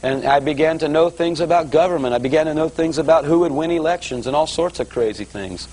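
A man's voice: fairly high pitch, fast talker, a little mellow, a little hiss or hum, poor audio. A middle-aged man preaching, telling his conversion story as a testimony and speaking straight to the folks listening. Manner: storytelling, addresses folks directly. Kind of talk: testimony sermon.

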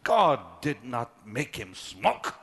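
A middle-aged preacher telling a personal story in a sermon, dropping to a hush and then rising to shouts. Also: male voice, medium pitch, very animated, slow pace, vocal fry, husky. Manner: dramatic, swings from hushed to shouting.

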